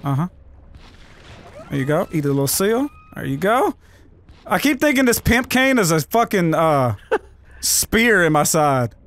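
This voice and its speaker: An American man with a high, lively voice, joking and swearing through casual gameplay chat as a channel host. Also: a little slow, long pauses.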